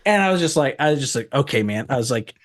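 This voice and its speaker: A man's voice: mid-range voice, animated. A man chatting as a podcast guest, telling rambling, profane stories and jumping his voice up when he quotes himself. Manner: rambling storyteller, profane, quick voice jumps when quoting himself. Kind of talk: casual chat.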